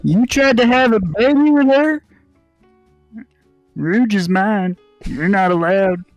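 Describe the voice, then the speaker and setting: Man doing furious teen echidna, high, yelling, dry close sound. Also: slow pace, no echo, faint music behind. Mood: enraged. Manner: yelling, threatening. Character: furious hot-headed teen male echidna.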